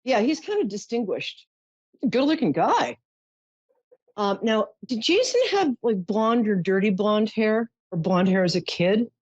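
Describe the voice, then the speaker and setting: Unhurried and animated, a woman with a medium-pitched voice gives readings on her psychic call-in show. She's soothing and lavishes endearments on callers, and the dull lo-fi audio is dry with no echo.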